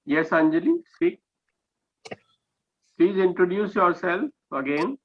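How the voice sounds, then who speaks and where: A man's voice: sits high, big pitch swings, slow pace, slightly rough. A man with an Indian English accent, teaching an online class and patiently correcting students' speech, often checking with "okay?". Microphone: video call. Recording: dull lo-fi video call audio.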